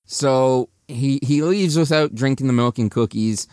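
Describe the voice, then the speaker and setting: A man giving a chatty, animated recap of a movie's plot, restarting sentences as he goes. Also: mid-range voice, a little slow, no room sound, studio quality.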